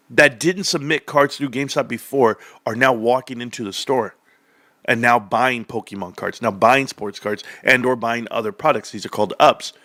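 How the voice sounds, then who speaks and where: Animated, bright-voiced man ranting to viewers. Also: medium pitch, no echo. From California, United States. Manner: animated, sarcastic, talks straight to viewers. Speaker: livestream host. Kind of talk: casual stock-talk livestream rant.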